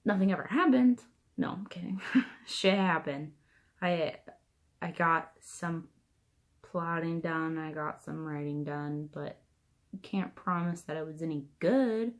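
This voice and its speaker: A woman's voice: low-pitched, takes it slowly. A young woman talking casually to the camera about her writing, blunt and profane, with dry jokes. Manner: blunt, profane and joking, with frequent laughs. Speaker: writing vlogger. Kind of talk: casual vlog monologue.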